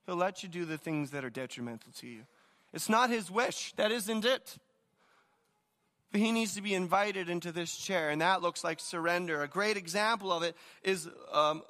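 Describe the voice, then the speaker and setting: A man's voice: high voice, sharp tone, big-room sound. A man preaching a sermon with energy, telling stories and often repeating words as he starts a thought. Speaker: pastor.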